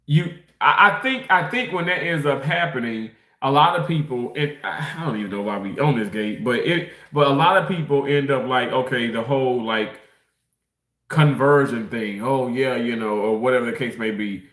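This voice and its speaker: This Mississippi man rambles through a casual livestream, laughing often and reading out viewer comments between bites of food. He speaks at a normal speed in a medium pitch, slightly bright, and the room sound is noticeable.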